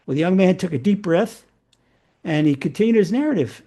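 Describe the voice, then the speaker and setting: A rabbi telling stories in a lecture to a live audience, animated and often repeating and restarting his words. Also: sits high, a little fast. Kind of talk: storytelling Torah lecture.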